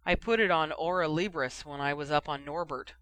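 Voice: mid-range voice, a little fast, fairly bright tone, smooth, dry recording, natural voice. A reader voicing Harry, a guarded and withdrawn young man who answers in clipped lines. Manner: curt, clipped.

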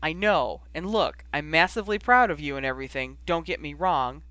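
A man voicing a gruff, embarrassed teenage boy in a storybook reading. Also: fairly high pitch, lively intonation, brisk, pushed and bright, no room sound. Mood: evasive.

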